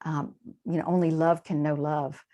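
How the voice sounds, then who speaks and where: A woman guest in an interview, explaining in a lively conversational way, with quick asides and frequent shifts in emphasis. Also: low-pitched. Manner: animated, warm-hearted explaining with quick asides and laughs. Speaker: translator and guest.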